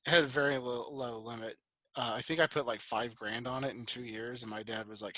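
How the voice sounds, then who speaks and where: Chatting casually on a podcast over video call, a man in his twenties rambles through loose stories and swears a lot as co-host. He talks fairly quickly in a medium-pitched, pushed, bright voice. No room sound comes through.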